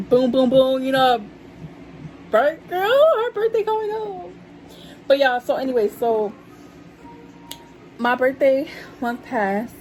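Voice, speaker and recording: A woman's voice: a little high, darkish tone, a little hiss or hum, poor audio. A young woman chatting casually to her viewers about her life, calling them y'all. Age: young adult. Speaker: vlogger telling a story. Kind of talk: casual storytime chat.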